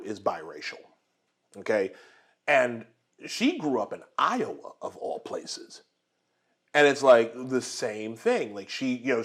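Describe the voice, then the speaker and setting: A man hosting a casual political chat over dinner at home, rambling with lots of restarts and fillers and laughing often. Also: medium pitch. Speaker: host.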